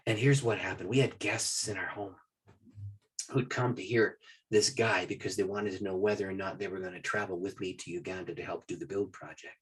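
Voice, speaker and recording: A man's voice: deep voice, fairly quick, slightly rough. A man, a pastor, telling a long personal story in a podcast interview and acting out what the other people in it said. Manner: animated storyteller who acts out what others said.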